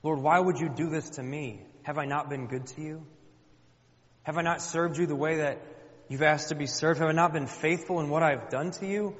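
A man's voice: fairly high pitch, steady tone, normal speed, natural voice. A man voicing a grieving childless wife who pleads with God, within a sermon. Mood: pleading. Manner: pleading, anguished. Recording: dull lo-fi with long hall reverb.

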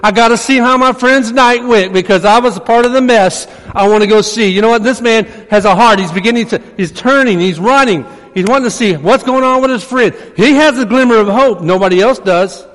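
A man preaching a sermon as pastor, swinging between emphatic preaching and hushed asides. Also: very high-pitched, fairly quick, hardly any pauses. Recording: long reverb of a large hall.

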